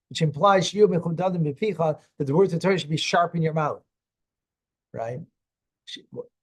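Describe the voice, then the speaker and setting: A man, a rabbi, teaching a Torah class, reading verses aloud, translating them and quizzing a student before explaining. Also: on the high side. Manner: questions the student and then explains.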